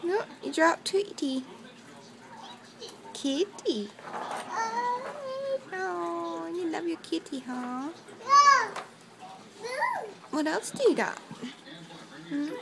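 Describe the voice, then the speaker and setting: Slow, cooing high-voiced young mother. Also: vocal fry, very noisy. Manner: sing-song, cooing and praising, repeats words for the child. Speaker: mother filming her toddler. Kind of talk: home video baby talk.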